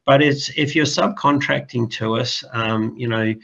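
Gravelly man, dull lo-fi sound. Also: medium pitch, unhurried, a bit bright. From Western Australia. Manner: easygoing, laughs often. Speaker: guest from a housing builder. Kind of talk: casual interview chat.

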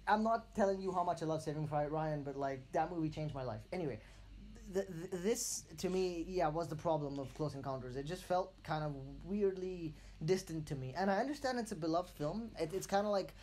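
A man's voice: a little high, fairly quick, darkish tone. A man co-hosting a film podcast, chatting loosely and breaking off his own thoughts to apologize. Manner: rambling, self-interrupting, apologetic. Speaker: podcast co-host. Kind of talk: casual chat.

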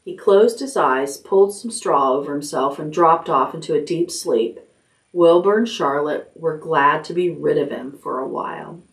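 A woman, a children's librarian, reading a chapter book aloud at bedtime in a gentle, expressive way. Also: sits low, moderate pace, creaky, recorded from a distance.

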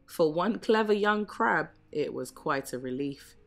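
Brief: a gentle woman reading a rhyming children's story unhurriedly over quiet music. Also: low voice, animated, creaky. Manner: slow, gentle, measured reading. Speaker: storybook reader. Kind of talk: rhyming picture-book read-aloud. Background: soft background music.

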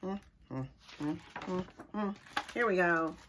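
Slow, bright-voiced woman reading a children's story. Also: lowish voice, a little hiss or hum. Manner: expressive and sing-song, pausing to explain words to children. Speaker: children's librarian. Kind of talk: reading a picture book aloud to young children. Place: library story time recorded for online viewing.

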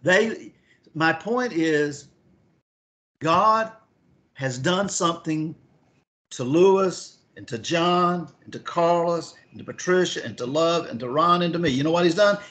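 A man leads a Bible lesson, reading scripture aloud and pausing to put questions to his listeners. His voice sits a little high for a man. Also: fairly bright tone. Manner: asks the class questions, reads scripture aloud. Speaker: Bible teacher.

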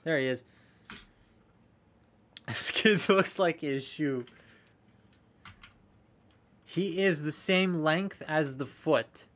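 A man's voice: a little high, very slow, long pauses, a bit bright. A young man chatting casually on a live stream while unboxing collectible toys, rambling, swearing freely and answering viewer comments.

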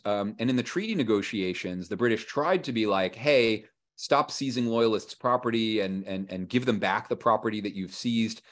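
A man being interviewed as a historian, talking casually and acting out what historical figures said, with frequent fillers and restarts. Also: lowish voice. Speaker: historian and author guest. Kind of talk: conversational interview.

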